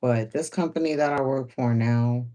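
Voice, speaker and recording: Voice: mid-range voice, normal speed, dark tone. A sewing livestream host chatting casually while working, laughing often and repeating phrases.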